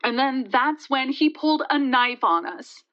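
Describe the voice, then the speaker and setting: A shaken young woman, played by an actress, tells her story in a fairly high voice, halting and stumbling over repeated words. The audio drama sound is dull and lo-fi. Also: animated, a bit bright. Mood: tense. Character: shaken young woman retelling a deadly night.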